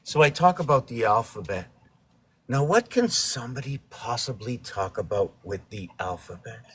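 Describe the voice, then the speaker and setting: A man's voice: medium pitch, lively intonation, moderate pace, breathy edge. A man hosting a casual painting livestream, rambling playfully through wordplay and letter puzzles. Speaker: livestream host painting on camera.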